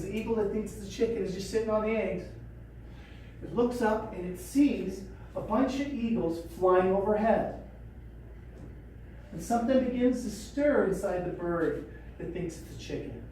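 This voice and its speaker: A woman trainer telling a story at a training session, animated and repeating phrases. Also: mid-range voice, a little hiss or hum. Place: training room. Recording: echoey room from a distance.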